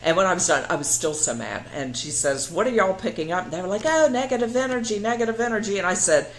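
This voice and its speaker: A woman's voice: mid-range voice, fast. A middle-aged woman, telling stories as an interview guest and acting out the voices of the people in them. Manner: animated, acts out quoted voices, laughs often. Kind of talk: casual storytelling in an interview. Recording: echoey room.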